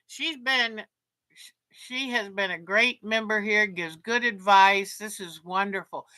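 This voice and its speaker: A woman's voice: mid-range voice, slow, pushed and bright. A woman hosting a casual livestream, chatting and reading out viewer comments with enthusiasm. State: sleepy, yawning. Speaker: livestream host.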